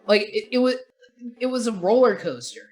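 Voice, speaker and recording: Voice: mid-range voice, moderate pace, darkish tone. A podcast co-host in casual film review chat, rambling and opinionated, swearing casually.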